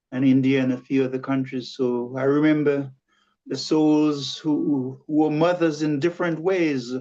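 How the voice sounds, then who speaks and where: A man giving a slow, halting address as a guest speaker on a video call. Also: mid-range voice, warm tone, muffled recording.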